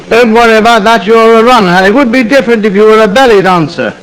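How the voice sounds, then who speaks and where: A man voicing a pompous, self-pitying suburban gent who is quick to get indignant, in an AI-voiced comedy sketch. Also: high-pitched, a bit bright, low-quality recording. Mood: exasperated.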